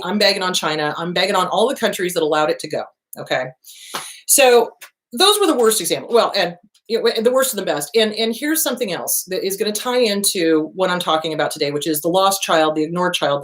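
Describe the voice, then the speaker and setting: A middle-aged woman hosts her own show in a casual, unscripted monologue. She talks bluntly and curses freely. She tells her stories with energy, at a middle pitch. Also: fast. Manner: blunt, profane, animated storytelling. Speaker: host.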